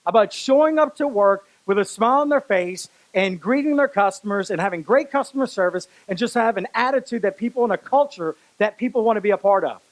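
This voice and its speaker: A man with a notably high voice delivers a motivational keynote to a live audience. He tells stories, speaks directly to the crowd and drives points home by repeating phrases. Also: lively intonation, brisk, hardly any pauses, rough recording. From Louisiana, US. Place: stage before a live audience.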